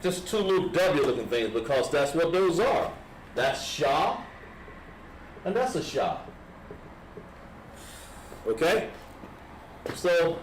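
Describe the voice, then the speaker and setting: A man with a Southern American accent, patiently explaining a lettering lesson step by step to a class. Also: on the high side. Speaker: Hebrew lettering teacher. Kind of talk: classroom instruction. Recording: echoey room with background noise.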